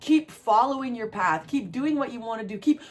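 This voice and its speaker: A woman from New Jersey giving a spiritual tarot reading, talking to viewers in an animated way, repeating phrases for emphasis and laughing often. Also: a little high, moderate pace. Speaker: tarot reader.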